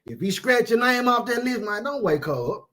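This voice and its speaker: A man's voice: very high voice, big pitch swings, moderate pace, fairly bright tone. A man preaching an informal sermon, emphatic and repetitive, with streetwise phrasing and frequent asides of "man".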